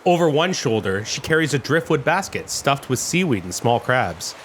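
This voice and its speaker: A man narrating a tabletop game as game master, describing the scene with dramatic pauses. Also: medium pitch, very animated, fairly bright tone, slight background noise.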